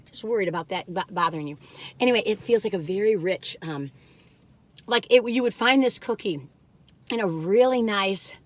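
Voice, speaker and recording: An older woman hosting a casual cookie taste-test vlog, rambling in a folksy way and breaking into excited laughs and squeals. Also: mid-range voice. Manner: folksy, rambling, warm-hearted chatter with "you all". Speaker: food vlogger.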